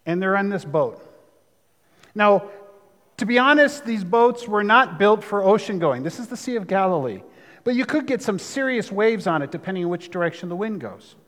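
A man's voice: sits high, lively intonation, normal speed, a bit bright, in a large hall. A man preaching a sermon, talking conversationally with asides. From United States. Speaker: pastor.

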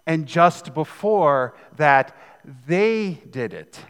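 High-voiced joking male preacher. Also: animated, extremely slow, fairly bright tone, smooth, in a large hall. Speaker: pastor. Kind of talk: sermon. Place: church sanctuary.

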